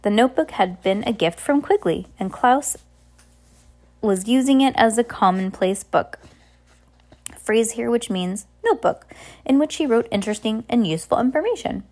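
Young mom reading a storybook aloud, informal, trips over words and adds asides. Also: female voice, a little high, lively intonation, normal speed, a little mellow. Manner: informal, with restarts and chatty asides. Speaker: parent reading aloud to her child. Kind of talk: casual storybook read-aloud.

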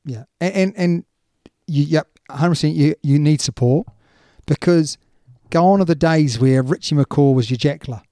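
A man's voice: a little high, moderate pace, warm tone, no echo, clean studio sound. A man co-hosting a casual rugby chat, emphatic and chatty, often dropping in yeah and you know. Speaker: rugby podcast co-host.

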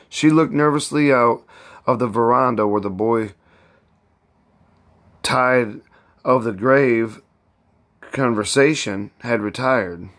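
A man narrates a classic novel at a very slow, deliberate pace, in a medium-pitched voice. He stops now and then to correct himself. The reading is unpolished. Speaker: reader. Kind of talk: audiobook narration.

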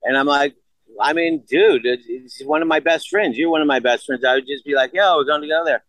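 A man in his sixties telling a story in casual chat, animated and profane, acting out what others said. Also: on the high side, brisk, no echo, low-quality recording. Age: 60s. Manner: animated, profane, acts out quotes.

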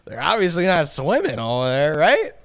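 A man co-hosting a podcast in relaxed, laid-back casual chat, joking along. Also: on the high side, moderate pace, dry recording. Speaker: podcast co-host.

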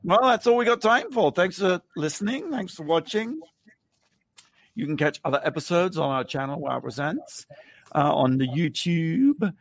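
Animated campy man co-hosting a chat show. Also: a little high, moderate pace, vocal fry, no room sound. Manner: animated, playful, campy storytelling. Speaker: podcast co-host. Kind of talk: casual pop-culture chat.

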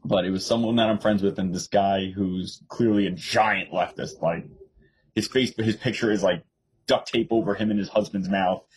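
A man's voice: fairly low pitch, steady tone, moderate pace, low-quality recording. A young man co-hosting a casual political podcast, telling stories and mimicking others in a raised voice. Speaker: podcast co-host.

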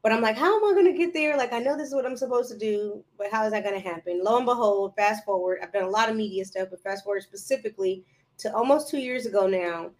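Woman podcast guest, casual chat, lively storyteller who plays out old conversations. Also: medium pitch, fast. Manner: animated storyteller, acts out her own past dialogue.

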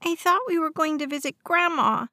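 A woman voicing a small boy who is whiny, tearful and pleading, in a high voice. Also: normal speed, sharp tone, no room sound.

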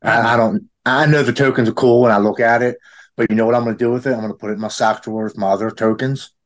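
A man in his forties who is in recovery tells a heartfelt story in casual conversation, speaking fast in a steady, mid-range voice. He acts out the people he quotes with a raised voice.

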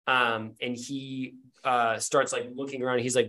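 A man's voice: mid-range voice, little pitch movement, slow pace, sharp tone. Brief: a man in a middle register, a loose and rambling tabletop game narrator. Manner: rambling, full of ums and likes. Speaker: game master.

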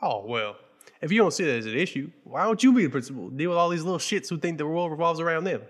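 Man reading a fed-up principal, swearing, deadpan comic sketch. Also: on the high side, fast talker. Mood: exasperated. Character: exasperated, foul-mouthed male school principal.

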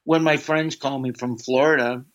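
A man spins loose, rambling anecdotes in an interview, peppered with fillers and sudden hops into a drawling character voice. His pitch sits in an ordinary middle range. The recording sounds dull and slightly lo-fi. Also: steady tone, moderate pace, fairly bright tone. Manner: rambling anecdotes, slips into a drawling put-on voice for quotes. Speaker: comedian guest. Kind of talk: casual storytelling.

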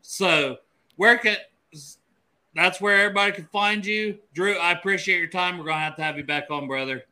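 A man co-hosting a casual sports podcast, excitable, loose and profane. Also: high voice, brisk. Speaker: podcast co-host. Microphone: headphones and mic over call.

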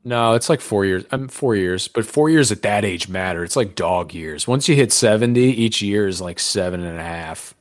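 A man's voice: on the low side, expressive, moderate pace, few pauses, no room sound, clean studio sound. A man hosting a podcast in casual chat, crude, rambling and joking. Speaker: podcast host.

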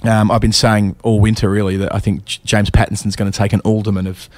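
A man's voice: on the low side, little pitch movement, quick pace, darkish tone, dry recording. A man co-hosting a casual cricket chat, thinking aloud and trailing off mid-thought. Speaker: podcast co-host.

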